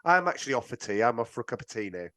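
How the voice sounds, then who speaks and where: A man's voice: medium pitch, very animated, racing, pushed and bright, dry recording. A British man hosting a podcast, chatting casually and teasing his guest with joking banter. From Britain. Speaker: podcast host.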